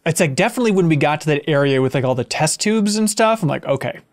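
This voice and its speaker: A man's voice: on the high side, expressive. Eager, questioning man on a gaming podcast. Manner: inquisitive, eager, quick asides. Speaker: podcast co-host. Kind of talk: casual video game discussion.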